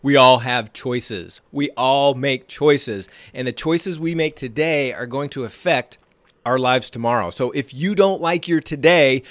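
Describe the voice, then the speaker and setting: A man's voice: medium pitch, dry recording. Fired-up motivational man, dry sound. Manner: energetic, emphatic, repeats phrases for effect. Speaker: podcast host and trading coach. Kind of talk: motivational podcast monologue.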